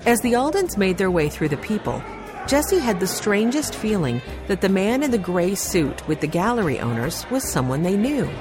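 A woman reading a children's mystery aloud as an audiobook narrator, in a calm, even storytelling manner. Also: mid-range voice, normal speed. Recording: background music under narration.

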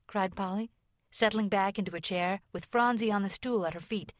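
Woman reading a storybook aloud, gentle and even, mid voice, dead dry mic. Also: mid-range voice, moderate pace, no echo. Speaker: audiobook narrator. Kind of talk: scripted narration.

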